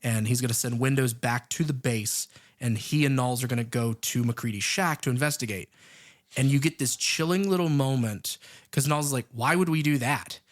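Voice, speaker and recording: A man co-hosting a film podcast, casually recapping scenes, pausing to search for words with fillers. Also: mid-range voice. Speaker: podcast co-host.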